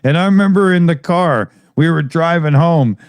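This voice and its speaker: A man's voice: fairly high pitch, normal speed, smooth, no echo. A man in his fifties co-hosting a live stream in casual chat, laughing often and swearing freely.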